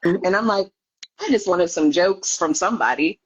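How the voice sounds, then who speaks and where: A woman's voice: on the low side, normal speed. A woman guest telling her own story in a candid interview, laughing often and acting out what others said. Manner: lively, laughing, acts out voices of others. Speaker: podcast guest. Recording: slightly dull lo-fi audio.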